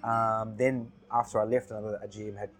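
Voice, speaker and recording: A man who is a podcast guest in casual chat, telling stories in a relaxed way, laughing often and repeating his words. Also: lowish voice, fairly quick, faint music behind.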